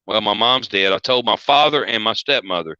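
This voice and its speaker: A man's voice: on the low side, brisk, sharp tone, clean tone, dry recording. Blunt man on a dull, dry call line. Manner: blunt, urgent pleading. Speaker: call-in guest. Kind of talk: casual chat.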